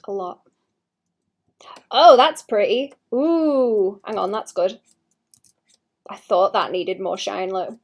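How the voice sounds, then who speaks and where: A woman's voice: mid-range voice, slow, pauses often. Woman musing aloud while painting live. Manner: thinking aloud, trailing off and restarting sentences, occasional muttered asides. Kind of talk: casual livestream commentary while painting.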